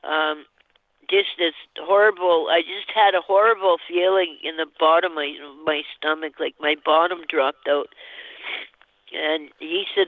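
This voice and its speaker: A woman calling in to a show, telling a personal story in a halting, rambling way with nervous laughs. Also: sits low, fairly even intonation, no echo. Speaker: caller. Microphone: telephone. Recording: tinny phone line.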